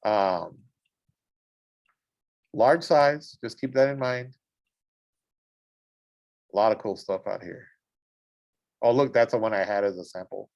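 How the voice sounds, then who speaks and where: Slow and often pausing, this man's lowish, slightly mellow voice carries vocal fry. He's casually teaching a school art and design class, browsing images, exclaiming over them with enthusiasm, and repeatedly asking the students "right?".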